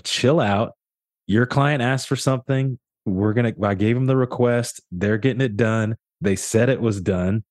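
A young adult man co-hosting a casual podcast, telling work stories with lively mimicry of the people involved. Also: medium pitch, no room sound, studio quality. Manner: animated storyteller, often mimics others with a raised voice. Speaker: podcast co-host, real estate agent.

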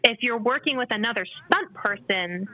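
A woman's voice: a little high, lively intonation, moderate pace, sharp tone, low-quality recording. A woman guest chatting casually in an interview, telling candid stories about acting and stunt work. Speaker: actress and stunt performer guest.

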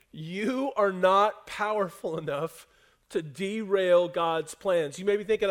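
A male pastor delivers a sermon to his congregation in a noticeably high voice. He drops to soft, hushed lines and then climbs back to loud, emphatic passages. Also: slow, long pauses. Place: church hall before a congregation.

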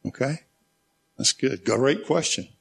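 A man leading a church small group, teaching in a conversational way, reading scripture slowly and reflectively, and inviting questions. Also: medium pitch, expressive, vocal fry, fairly bright tone, breathy edge.

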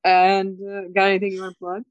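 A woman co-hosting a podcast, recapping a TV episode in casual chat, animated and laughing often. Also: mid-range voice, brisk, no echo. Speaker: podcast co-host. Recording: dull, dry sound.

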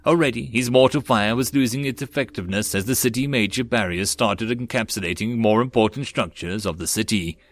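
A man narrating a web novel audiobook in a steady storytelling manner. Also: medium pitch, brisk, few pauses, no room sound.

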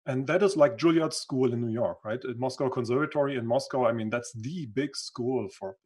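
A man's voice: medium pitch, fairly quick, darkish tone, breathy edge. A man who speaks English as a second language, telling his life story as an interview guest in an earnest, reflective way and sometimes searching for words. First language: not English. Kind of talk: conversational storytelling.

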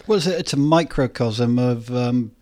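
A man, a podcast guest, chatting casually and telling stories with dry, deadpan humour. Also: medium pitch, moderate pace. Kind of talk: casual chat.

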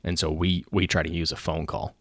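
A man who works as a police officer, talking through policy in a measured way with frequent pauses and restarts. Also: low voice, level tone, fairly bright tone, dry recording, clean studio sound. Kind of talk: casual commentary.

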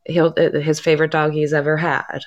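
A woman on a call-in show talks earnestly and encourages the others to trust that spirit messages are real. Her voice is very low for a woman. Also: flat delivery, a little fast, muffled recording. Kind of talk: casual call-in chat.

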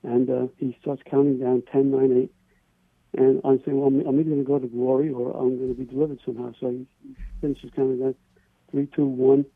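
A man calling in to a radio show and telling a personal story in an earnest, halting way, often repeating words. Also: mid-range voice, level tone, creaky, breathy edge, no room sound. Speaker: caller. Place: on a phone call to a radio show. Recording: tinny phone line.

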